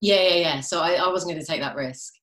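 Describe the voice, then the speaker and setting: A British woman in her thirties with a low voice, chatting easily and laughing often. She is heard over a video call from an echoey room. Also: fairly quick, a crowd in the background. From England. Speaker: guest actress. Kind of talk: casual chat. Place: home during quarantine, video call.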